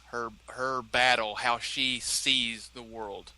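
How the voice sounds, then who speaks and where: A man's voice: medium pitch, fairly even intonation, slow pace, sharp tone, rough recording. A man co-hosting a casual chat show, telling a rambling story with lots of filler words. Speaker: podcast co-host.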